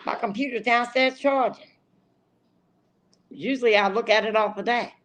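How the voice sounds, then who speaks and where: An older woman from North Carolina co-hosting a podcast, chatting casually in a rambling, excitable way with frequent restarts. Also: a little high, normal speed, dull audio. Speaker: podcast co-host. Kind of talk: casual chat.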